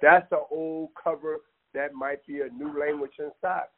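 A man's voice: on the high side, steady tone, moderate pace. A man talking with passion, rambling and emphatic, often calling the listener "man". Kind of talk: impassioned casual talk. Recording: tinny phone-line audio.

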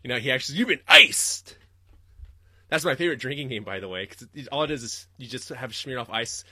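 A man hosting a podcast, ranting in a profane, rambling way and jumping suddenly into loud, high-pitched outbursts. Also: animated, fast talker, no echo, clean studio sound. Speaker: podcast host. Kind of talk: livestreamed comedic rant.

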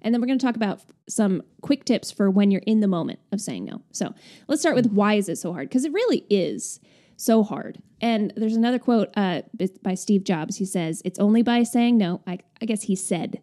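A woman with a mellow, warm voice co-hosts a casual advice podcast. She is chatty and expressive, and she talks things through at an easy mid-range pitch. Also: normal speed. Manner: chatty and expressive, with laughs and sighs. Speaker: podcast co-host.

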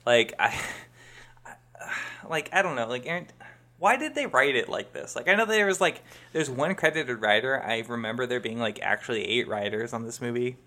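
A man co-hosting a casual podcast, talking in loose, rambling runs peppered with "like" and quick laughs. His voice is bright and forceful, sitting at an everyday pitch for a man. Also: expressive. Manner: rambling, laughs often, lots of "like". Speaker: podcast co-host.

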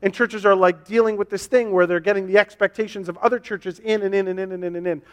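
Guy preaching a sermon, kinda high voice, earnest, lots of repeated questions, long echo in the church. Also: steady tone, fast talker. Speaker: pastor. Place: church sanctuary. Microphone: to a camera for online viewers. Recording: long hall reverb.

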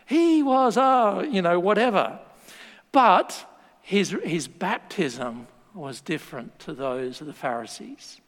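An Australian man preaching a sermon, telling stories in a lively, joking way. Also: high voice, slow. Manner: lively storytelling with laughs and asides. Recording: long hall reverb.

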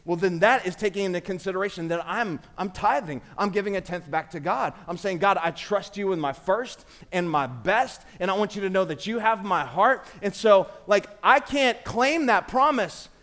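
A man's voice: high voice, moderate pace, hardly any pauses, a bit bright. A man in his forties, a pastor delivering a conversational sermon in a church with call-and-response. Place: church sanctuary.

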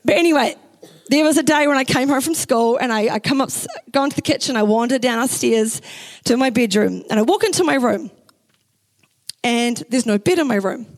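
A young woman pastor from New Zealand with a New Zealand accent, preaching a sermon in a chatty, animated way and acting out the quotes in her stories. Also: on the high side, fairly quick, low-quality recording. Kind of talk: sermon with personal story. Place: church.

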